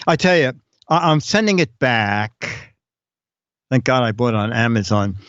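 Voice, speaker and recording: A man's voice: medium pitch, animated, measured pace, fairly bright tone, clean tone, no room sound. A man hosting a live-streamed show, chatting casually and rambling, with frequent laughs. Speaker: show host. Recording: dull lo-fi stream audio with faint music.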